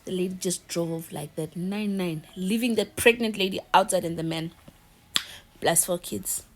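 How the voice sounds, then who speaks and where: A woman's voice: on the low side, normal speed. A woman with a South African accent telling a gossip story in a casual, dramatic way, mixing in isiZulu words. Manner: animated, dramatic, acts out quotes.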